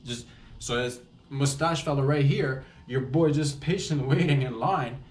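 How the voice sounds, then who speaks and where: A man's voice: medium pitch, measured pace, a little mellow, echoey room. A man hosting a comedy podcast, telling a story with many restarts and acted-out quotes.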